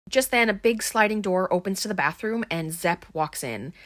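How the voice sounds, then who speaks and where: A woman's voice: medium pitch, animated, normal speed, a bit bright, dry recording. Woman, casual film recap, rambling with ums, dry close sound. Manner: chatty, rambling, frequent ums and likes. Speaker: podcast host recapping a film.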